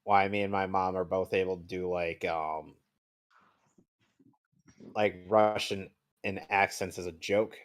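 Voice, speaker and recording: A man's voice: sits low, fairly even intonation, a little slow, pauses often. Blunt, swearing man reviewing a movie. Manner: blunt, opinionated, swears casually. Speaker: podcast co-host. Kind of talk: casual movie review chat.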